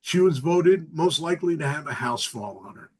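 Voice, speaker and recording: An older male comedian working through a stand-up set with a deadpan, grumbling delivery. His voice sits a little high for a man. He sounds like a lovable curmudgeon. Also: normal speed, breathy edge, low-quality recording. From Southern California. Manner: deadpan self-mocking curmudgeon.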